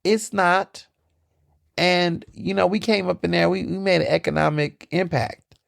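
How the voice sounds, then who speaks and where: A man's voice: high-pitched, unhurried, vocal fry, dry recording, studio quality. Chatty man hosting a podcast. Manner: chatty, animated storytelling with squealing quoted asides. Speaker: podcast host. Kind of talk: casual solo chat.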